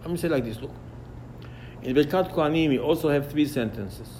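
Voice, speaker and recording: Animated man giving a Torah lesson. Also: on the high side, fairly quick, slight background noise. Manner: animated, acts out dialogues, repeats words. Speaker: rabbi teaching Torah.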